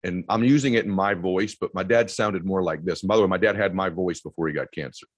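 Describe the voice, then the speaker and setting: A middle-aged man with a deep voice giving an intense motivational speech, telling a personal story that sometimes drops to a hush. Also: quick pace, no room sound, low-quality recording. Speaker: motivational speaker.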